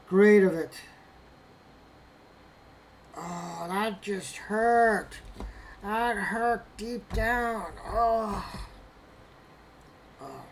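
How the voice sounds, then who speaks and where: A woman with a mid-range, darkish voice casually narrates as she opens graded trading cards. She talks to herself while handling the cards and laments bad results with mock drama. There is a little hiss or hum.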